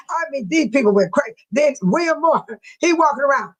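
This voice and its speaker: A woman's voice: high-pitched, expressive, fairly quick, rough recording. A woman hosting her own channel in casual live-stream chat, laughing often and mimicking other people in exaggerated voices. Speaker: channel host.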